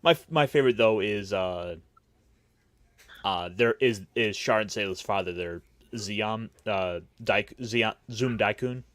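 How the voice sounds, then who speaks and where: A man's voice: lowish voice, unhurried, fairly bright tone, dry recording. A man hosting a casual roundtable chat, recapping with wry, mocking asides. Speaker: podcast host.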